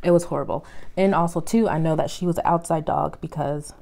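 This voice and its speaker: A woman talks casually to her camera in a lowish, warm voice. She is chatty and gets emotional, sometimes drawing her words out slowly. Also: vocal fry, a little hiss or hum. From Texas. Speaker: plant vlogger.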